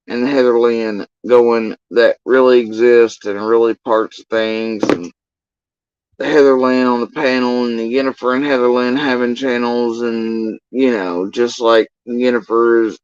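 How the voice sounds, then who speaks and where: A man rants in an exasperated, profane and rambling way, his voice sitting at an ordinary middle pitch. The sound is dull and lo-fi, with no room echo at all. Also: smooth. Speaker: livestream commentator. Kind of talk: ranting livestream commentary.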